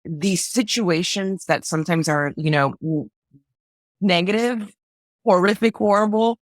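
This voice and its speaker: A woman's voice: lowish voice, unhurried, no echo. Guest: woman conductor, middle-aged, emphatic storyteller, stammers when moved, dry close sound. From Los Angeles. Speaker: podcast guest, orchestra conductor. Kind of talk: casual interview storytelling.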